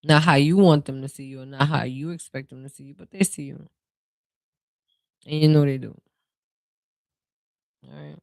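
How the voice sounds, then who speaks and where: A tarot reader with a New Orleans accent, talking casually and directly to the viewer with relaxed, drawn-out phrasing. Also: medium pitch, no room sound. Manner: reassuring, speaks straight to the viewer. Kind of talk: casual spiritual card reading.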